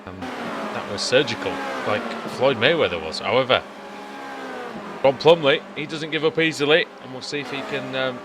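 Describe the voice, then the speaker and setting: A man's voice: mid-range voice, normal speed, creaky, background noise. Chatty man commentating a race. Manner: chatty, rambling, with many fillers. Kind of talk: live sim racing commentary. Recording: race car engines loud behind.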